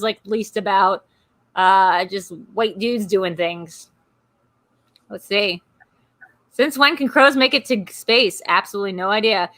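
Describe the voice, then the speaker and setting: A woman hosting a live stream, chatting casually and ranting in quick asides. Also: on the high side, pushed and bright. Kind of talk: casual chat.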